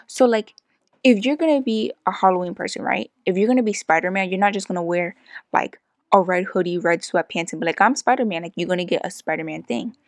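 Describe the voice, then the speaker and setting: A woman's voice: lowish voice, brisk, creaky, no echo. Chatty woman, dry close sound. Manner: chatty, animated storytelling with many "like"s. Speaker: podcast co-host. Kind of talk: casual chat.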